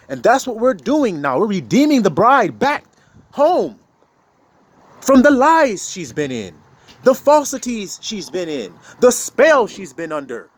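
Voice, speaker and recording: A man giving an informal spiritual talk, animated, swearing casually and laughing often as he preaches. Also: a little high, a little hiss or hum. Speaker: spiritual teacher.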